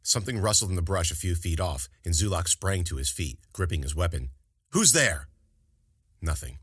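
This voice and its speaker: A man narrating a fantasy story as an audiobook in an expressive, dramatic reading. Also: deep voice, fairly quick, husky, no echo, clean studio sound.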